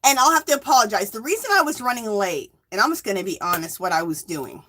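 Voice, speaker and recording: A woman's voice: mid-range voice, animated, fast, fairly bright tone, a little hiss or hum. A woman in her fifties from the US West Coast, chatting casually on her livestream, greeting viewers by name and rambling off into asides. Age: 50s. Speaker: livestream host.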